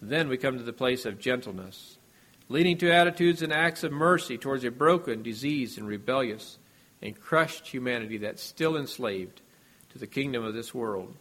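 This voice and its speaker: A male preacher delivering a sermon at a middle pitch. He speaks in a measured, earnest way, letting his voice fall quietly at the end of each thought. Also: expressive. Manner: measured and earnest, voice dropping at phrase ends.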